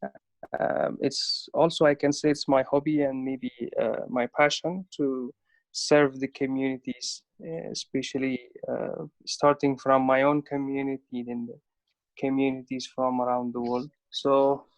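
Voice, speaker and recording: Guy from afghanistan on a zoom call, slow and halting, lots of ums, dry sound. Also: medium pitch, little pitch movement, no echo. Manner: hesitant, many fillers. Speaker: youth delegate. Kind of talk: video call self-introduction. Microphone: video call.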